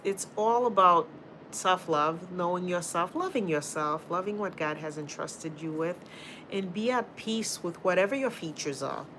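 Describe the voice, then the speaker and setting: A woman's voice: on the low side, pushed and bright, a little hiss or hum. A woman from Boston with a Boston accent, a healthcare teacher hosting a casual livestream and chatting straight to her viewers while answering their comments. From Boston, Massachusetts.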